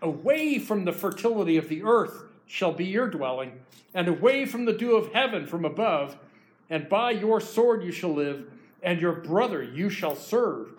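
A man voicing an aging patriarch father who pronounces blessings slowly and solemnly. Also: sits high, very animated. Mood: stern.

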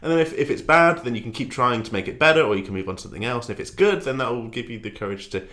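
A man's voice: medium pitch, expressive, racing, pushed and bright. A young man co-hosting a podcast, giving earnest, hesitant advice with lots of fillers. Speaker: podcast co-host. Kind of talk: casual chat.

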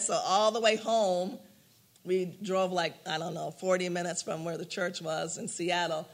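A man's voice: high-pitched, normal speed. An older man teaching a prayer class in an informal way, telling personal stories, acting out what people said and laughing often. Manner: animated storyteller, laughs often, acts out quotes.

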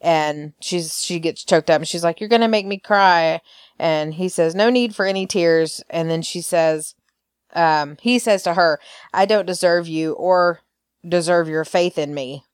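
A woman's voice: on the low side, unhurried, clear, resonant tone, dry recording, clean studio sound. A woman hosting a podcast, recapping soap opera scenes in a chatty way, full of fillers and quoted lines. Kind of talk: casual recap chat.

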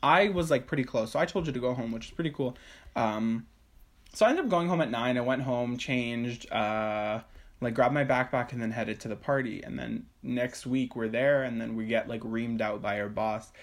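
A young man tells a story on a podcast, speaking at a middling pitch. He talks from his room at home, swears freely and slips into the voices of the people he quotes. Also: normal speed. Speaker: podcast co-host. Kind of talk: casual chat.

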